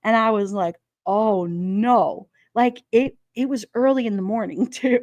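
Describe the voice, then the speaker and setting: A woman's voice: fairly high pitch, brisk, a little mellow, no room sound, muffled recording. A woman hosting a livestream, rambling through casual anecdotes for her chat and laughing often. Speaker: livestream host. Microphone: streaming microphone.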